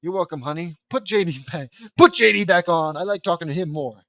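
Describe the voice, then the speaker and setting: A man's voice: on the high side, fairly quick, bright, forceful tone, no room sound. A man voicing a kindly middle-aged father talking on the phone, read in an earnest, polite way.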